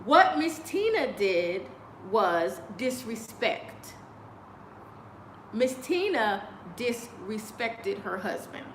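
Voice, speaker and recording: A woman's voice: on the high side, very animated, very slow, echoey room, a little hiss or hum. A woman talking casually and sassily on a live video, laughing often. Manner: chatty and sassy, laughs often. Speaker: vlogger. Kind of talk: casual commentary. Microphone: video call on a choppy connection.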